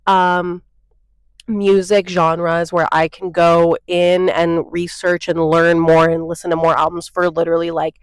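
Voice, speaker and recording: A woman's voice: lowish voice, level tone, a little slow, smooth, dry recording, rough recording. A young woman ranting bluntly into her phone for a casual opinion vlog, peppering her talk with "like" and "okay?". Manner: blunt and exasperated, lots of "like" and "okay?". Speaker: vlogger. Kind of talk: casual opinion rant to camera.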